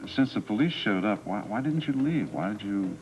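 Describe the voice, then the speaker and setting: An actor playing a blunt private investigator who fires impatient, probing questions, in 1980s soap opera acting. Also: male voice, lowish voice, animated, moderate pace, a little mellow, muffled recording, slight background noise, close to an everyday voice. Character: blunt male private investigator, pushy interrogator.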